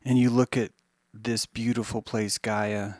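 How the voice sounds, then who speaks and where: A man hosting a podcast, rambling in a monologue that swings from hushed musing to mocking put-on voices, with some swearing. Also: fairly low pitch, level tone, unhurried, no room sound. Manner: profane. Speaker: podcast host.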